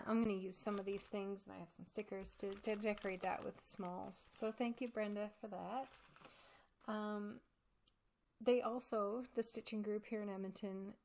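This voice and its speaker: A woman hosting a crafting vlog in casual chat, talking in a heartfelt, halting way with many pauses and restarts. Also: medium pitch, vocal fry, a little hiss or hum. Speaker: crafting channel host.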